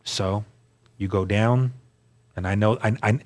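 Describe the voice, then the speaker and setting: A man telling his story as a guest, earnest and animated, acting out the dialogue he quotes. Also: fairly low pitch, unhurried. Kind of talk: storytelling testimony.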